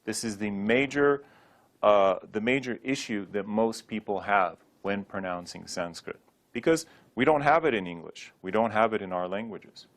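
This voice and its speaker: A man with a slightly low voice teaches pronunciation in a friendly lesson. He says words slowly and repeats them for the learner to copy. He keeps it light with playful rhetorical questions. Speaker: Sanskrit teacher.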